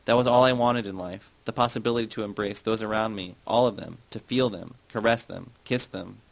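A bitter, wistful middle-aged woman, as read by a man in a low voice. She confesses, needles others with sarcasm and dares them. The read stays close to a storyteller's natural voice. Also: fairly quick, gravelly, low-quality recording.

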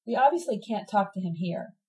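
In this read-aloud novel, a cold, authoritarian young woman speaks in curt, formal sentences, as a woman narrator puts her on. The voice stays mellow and dark. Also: mid-range voice, expressive, a little fast, distant mic, close to an everyday voice, rough recording.

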